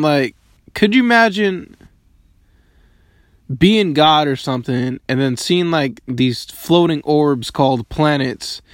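A man's voice: on the high side, no echo, clean studio sound. A man in his early twenties rambling casually, swearing often and filling his questions with "like". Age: 20s.

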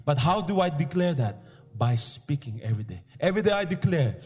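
A man's voice: a little high, sing-song, brisk, darkish tone, breathy edge. A man preaching a sermon with emphatic, repeated declarations and calls for the congregation to respond. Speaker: pastor. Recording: live sermon in an echoing hall with faint music.

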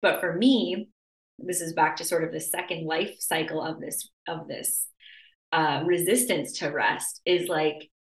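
A young adult woman hosts a casual podcast chat in a lowish voice, speaking at a measured pace. She's animated, says "like" constantly, and acts out her inner voice. The room has a noticeable echo.

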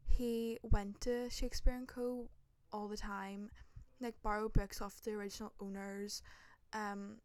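A woman's voice: mid-range voice, little pitch movement, a little slow, few pauses, a little mellow, smooth, no echo. A young woman, telling a dramatic travel story in casual chat, full of swearing and fillers. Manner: swears a lot, dramatic, lots of likes. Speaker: podcast host.

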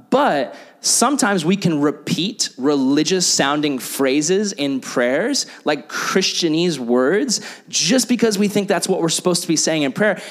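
Chatty young man preaching. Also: a little high. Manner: chatty, filler-heavy, acts out prayers in silly voices. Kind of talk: casual sermon.

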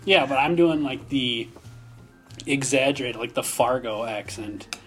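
A young man with a Minnesota accent, co-hosting a casual podcast chat, telling animated stories and laughing often. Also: mid-range voice, measured pace, soft background music. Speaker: podcast co-host.

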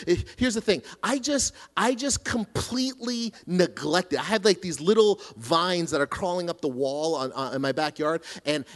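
A middle-aged man preaching a sermon, telling a self-deprecating story with lots of restarts and asides. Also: sits high. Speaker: pastor.

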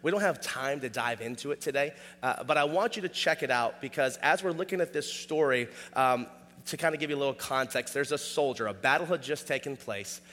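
Casual preacher with hall reverb. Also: male voice, mid-range voice, animated, a little fast, a bit bright. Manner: casual, conversational, checks in with "all right?". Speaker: pastor. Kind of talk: sermon.

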